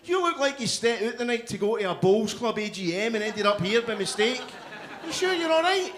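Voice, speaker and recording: A middle-aged man with a Glaswegian accent, performing a stand-up comedy set on a club stage, with loud, punchy crowd work. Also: very high voice, big pitch swings, fairly quick. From Scotland. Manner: loud, punchy crowd work with frequent "you know what I mean".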